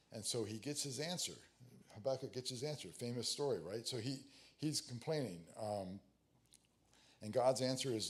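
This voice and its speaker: A man of medium pitch teaches on prayer in a loose, conversational sermon. He pauses on fillers and restarts his sentences, then reads scripture aloud with rising emphasis.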